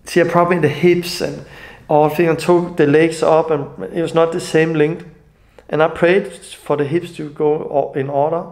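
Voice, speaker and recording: A middle-aged man with a Danish accent telling an emotional personal testimony, halting and often restarting his sentences. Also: a little high, a little mellow. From Denmark. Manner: halting, restarts often, non-native grammar. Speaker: ministry leader.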